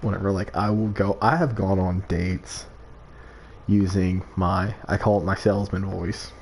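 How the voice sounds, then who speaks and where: A man's voice: deep voice, fairly even intonation, a little slow, a little mellow. A man streaming a video game, chatting casually and rambling with lots of "like" and restarts. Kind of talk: casual gameplay stream chat.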